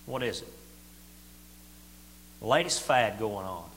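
A middle-aged man preaching a sermon in a folksy, plain-spoken way, swinging from loud to quiet. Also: on the low side, expressive, slow. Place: church hall. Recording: echoey hall with faint hum.

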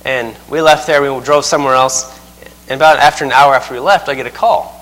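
A man in the middle of his voice range delivers a sermon as a visiting missionary, folksy and quick to chuckle at his own stories. His words ring out with a long reverb across a church sanctuary. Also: medium pitch, fairly even intonation, fairly bright tone. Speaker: missionary preaching.

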